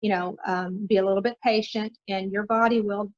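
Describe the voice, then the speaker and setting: A woman's voice: medium pitch, steady tone, fairly quick. Earnest woman guest, dull lo-fi sound. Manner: earnest, encouraging, many fillers. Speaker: podcast guest. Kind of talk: casual interview talk.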